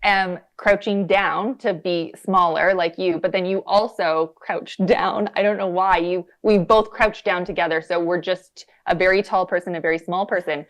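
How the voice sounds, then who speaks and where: A woman with a somewhat low voice chats as a podcast guest. She tells stories in a chatty, giggly way. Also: fairly even intonation, normal speed, hardly any pauses. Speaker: podcast guest, studio owner. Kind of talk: casual podcast chat.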